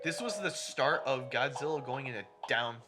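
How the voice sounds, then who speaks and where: A profane man ranting in a lively voice. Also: mid-range voice, moderate pace, music in the background. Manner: profane, ranting movie recap. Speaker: podcast co-host. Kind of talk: casual chat.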